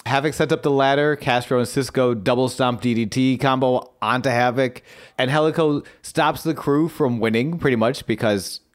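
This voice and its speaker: A man co-hosting a wrestling podcast, chatting casually and recapping a match as an animated storyteller who swears freely. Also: medium pitch, normal speed. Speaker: podcast co-host.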